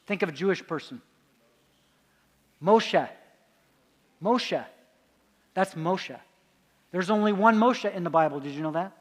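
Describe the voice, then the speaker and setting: High-voiced man lecturing in a reverberant hall. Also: a bit bright. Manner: asks the audience quiz questions and answers them himself. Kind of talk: conference lecture with audience questions.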